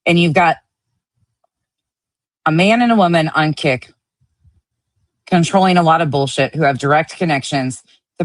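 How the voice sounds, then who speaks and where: Female streamer, low voice, angry and foul-mouthed, dry sound. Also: no echo. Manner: angry, profane ranting. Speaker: online drama commentator. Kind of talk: heated livestream commentary.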